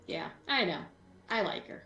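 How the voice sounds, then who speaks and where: A woman running a tabletop game as game master in casual chat, animated and playful, often slipping into silly voices. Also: medium pitch, moderate pace, roomy sound, highs cut off.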